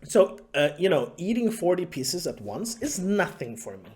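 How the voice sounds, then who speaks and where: A man's voice: sits high, very animated, normal speed, darkish tone. A man telling a story in a casual vlog, sarcastic and profane, laughing often. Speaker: YouTuber.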